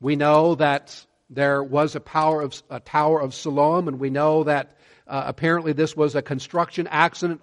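A man preaching a sermon, earnest and measured, slowing down to stress key words. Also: mid-range voice. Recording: long hall reverb.

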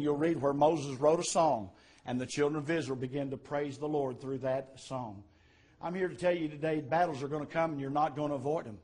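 A man preaching a sermon, swelling to emphatic, louder passages and dropping to quiet asides. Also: a little high.

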